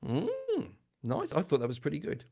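An older man hosts a relaxed livestream chat with a gravelly, slightly rough edge to his voice. He talks in a chatty, self-deprecating way and breaks into laughter often. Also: fairly high pitch, normal speed. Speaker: channel host.

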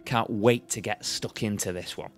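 A man's voice: fairly low pitch, fairly even intonation, normal speed, faint music behind. A man hosting a podcast, upbeat and jokey, moving from a scripted intro into casual interview chat. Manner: upbeat and jokey, laughs easily. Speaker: podcast host.

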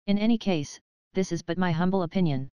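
A woman's voice: fairly low pitch, brisk, warm tone, smooth, no echo, lightly acted. A woman reading the part of a cold, condescending husband who speaks in a derisive, offhand way.

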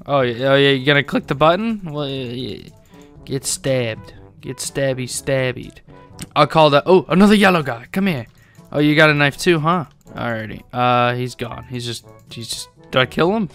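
A young man commentating a game he is playing, excitable and foul-mouthed, often breaking into laughter. His voice sits at an ordinary middle pitch, with faint game music running underneath. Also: moderate pace. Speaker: gaming YouTuber. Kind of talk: let's-play gaming commentary.

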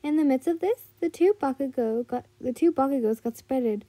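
A woman's voice: sits high, normal speed, warm tone, no echo. A woman narrating a fan story in a casual read, with frequent slips and restarts. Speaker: fanfiction reader.

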